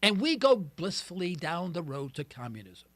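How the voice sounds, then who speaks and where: Male talk radio host, high and lively, bright dry studio sound, jokey ranting delivery. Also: normal speed, no room sound. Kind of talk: call-in radio monologue.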